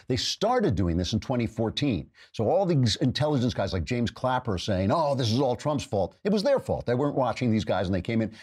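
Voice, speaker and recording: Husky sarcastic male podcast host. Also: lowish voice, a little mellow. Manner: sarcastic, mocking. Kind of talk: political commentary monologue.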